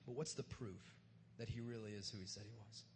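A pastor giving a sermon at a church service in a casual, joking way, with plenty of slang. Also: male voice, fairly low pitch, fairly quick, background noise. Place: church service in front of a live crowd.

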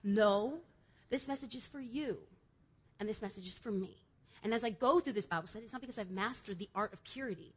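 A woman preaches to a youth crowd in church in a high, bright-sounding voice. She presses her points emphatically, then drops to a hushed, confiding tone before climbing back to loud exhortation. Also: quick pace, breathy edge. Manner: emphatic, swings from loud exhortation to quiet confession. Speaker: youth speaker. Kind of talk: energetic youth sermon.

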